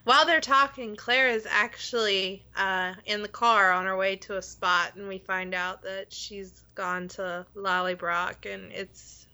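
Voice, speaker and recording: A woman co-hosting a casual TV recap chat, telling the story in an animated way and laughing often. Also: mid-range voice, smooth. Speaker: podcast co-host.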